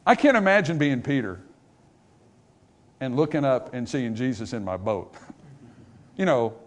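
In church, a man delivers a revival sermon to his congregation, moving between loud, climbing stretches and soft, hushed ones while acting out brief exchanges between characters. His intonation is lively and his pace a little slow.

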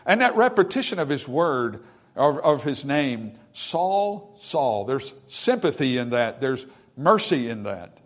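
A man's voice: medium pitch, very animated, measured pace, fairly bright tone. Male preacher, mid-range voice, sermon delivery with dramatic emphasis and country-style humor. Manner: preaching with swelling emphasis and folksy asides.

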